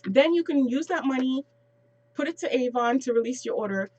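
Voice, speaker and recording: A woman's voice: high voice, animated, a little mellow, muffled recording. Chatty woman explaining money basics. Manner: chatty, explains step by step with quick asides. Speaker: sales trainer. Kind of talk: casual training talk.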